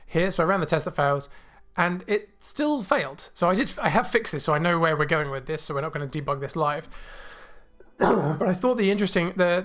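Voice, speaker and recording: A man hosting a coding livestream, thinking aloud with many fillers and restarts, a little choked and clearing his throat. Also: a little high, fairly bright tone. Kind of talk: casual live coding walkthrough. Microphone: new desk mic.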